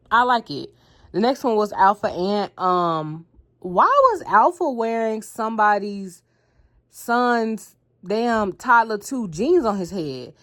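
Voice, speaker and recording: A woman's voice: mid-range voice, dry recording. Blunt, chatty young woman reviewer. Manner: candid, chatty, playfully blunt. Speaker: reality TV reviewer. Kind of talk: casual review vlog.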